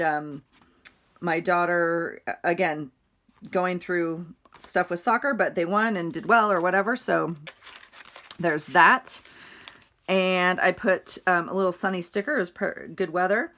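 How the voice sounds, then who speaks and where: A woman's voice: on the low side, fairly bright tone. A middle-aged woman chatting casually about her week, rambling and laughing often. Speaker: vlogger. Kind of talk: casual chatty journal walkthrough.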